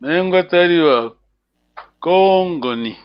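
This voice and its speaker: A man's voice: sits high, expressive, slow pace, smooth, dry recording. A man teaching a language lesson over a video call, patient and encouraging, laughing often. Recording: dull lo-fi video call audio.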